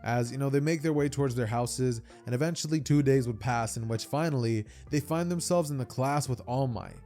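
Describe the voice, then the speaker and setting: A man's voice: mid-range voice, brisk, mellow, faint music behind. A young man casually telling a fan-fiction story, rambling with stammered repeats and many fillers.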